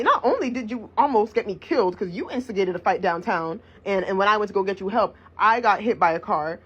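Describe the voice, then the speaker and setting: A young woman vlogger telling a personal story in a blunt, profane, animated way. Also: medium pitch, brisk, hardly any pauses, breathy edge. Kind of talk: casual storytime vlog. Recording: dull lo-fi recording.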